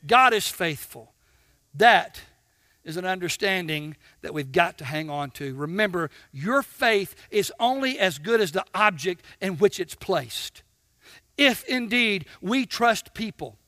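A man preaching a sermon, swinging from shouts to hushed tones and acting out little dialogues with God. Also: high voice, expressive, measured pace, dry recording, clean studio sound. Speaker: pastor.

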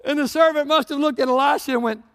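With a steady tone and a quick pace, a male pastor delivers a sermon retelling scripture stories, moving between loud high points and quiet, low stretches. A long reverb from the hall hangs on the sound.

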